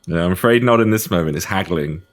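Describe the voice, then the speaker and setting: A man's voice: sits low, fast talker, faint music behind. A man acting as game master, narrating a tabletop game with wry, laughing asides.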